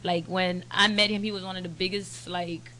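A woman guest in casual podcast chat, telling animated stories and quoting the people in them. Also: lowish voice, moderate pace, a little hiss or hum. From United States, Haitian family. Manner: animated storyteller, quotes people in their own voices. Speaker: podcast guest, media brand owner.

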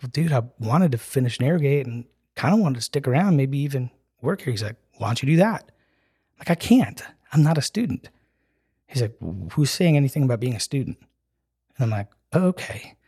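A man's voice: mid-range voice, fairly quick, slightly rough. A man as a podcast guest telling a personal story in a casual, earnest way, acting out the dialogue with lots of "like" and "dude". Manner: animated storyteller who acts out dialogue with "I'm like" and "he's like"; earnest and emotional, with filler "like" and "dude".

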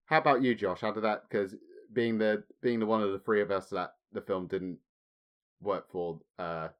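A man's voice: on the low side, steady tone, normal speed, highs cut off. A man hosting a film podcast, thoughtfully asking his co-hosts questions and giving his own views. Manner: thoughtful, poses questions to others. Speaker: podcast host. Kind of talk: casual film discussion.

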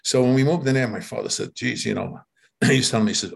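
A man's voice: on the low side, fast talker, gravelly, husky. Older man, casual reminiscing, rambling, repeats words, chuckles often.

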